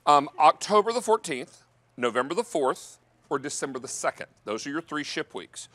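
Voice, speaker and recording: A man hosts a live TV shopping show in a studio kitchen. He keeps up a friendly, chatty sales patter in a fairly high voice. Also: sing-song, normal speed, a bit bright, no echo. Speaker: TV shopping host.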